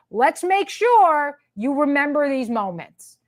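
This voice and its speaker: A woman's voice: high voice, sing-song, a little slow. A woman hosting her own commentary show, ranting with sarcasm and emphatic repetition. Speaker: commentary host.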